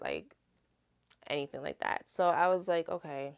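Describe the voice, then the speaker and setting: Rich: A young woman with a lilt tells a personal testimony in a loose, chatty way, stringing her thoughts together with "like" and "y'all." Her voice sits a little low for a woman. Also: normal speed, vocal fry, clean tone. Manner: chatty, animated retelling with many "like"s. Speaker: Christian vlogger. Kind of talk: casual testimony storytelling.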